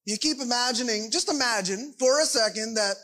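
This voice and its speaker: Man, pastor, sermon, high voice, bright tone, conversational, checks in with listeners. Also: fairly quick, rough recording.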